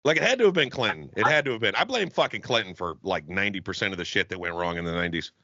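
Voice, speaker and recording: A young man co-hosting a comedy podcast, telling a long profane bit in a rambling, animated way. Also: low-pitched, very fast, dry recording, dull audio. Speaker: podcast co-host. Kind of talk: casual comedic chat.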